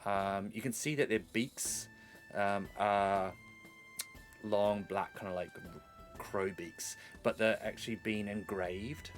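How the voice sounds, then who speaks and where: A man's voice: lowish voice, fairly even intonation, slow, soft background music. A man narrating as game master of a tabletop game, rambling through his descriptions. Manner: rambling, with many fillers and restarts.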